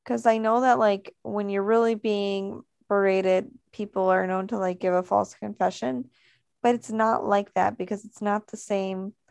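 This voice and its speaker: Creaky young woman reacting, dry mic. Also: medium pitch, steady tone, a little mellow, dry recording. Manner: reactive, quick to gasp and exclaim. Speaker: podcast co-host. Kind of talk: casual chat.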